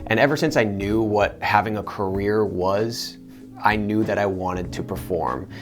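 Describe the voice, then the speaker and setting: Male voice actor, lowish voice, earnest and animated in interview, soft guitar bed underneath. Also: unhurried. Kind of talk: interview answers to camera.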